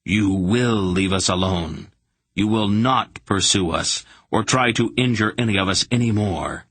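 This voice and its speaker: A man voicing a young sorcerer who speaks slowly, coldly and menacingly. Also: sits low, fairly even intonation, creaky, slight background noise, exaggerated voice. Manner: menacing, quietly commanding.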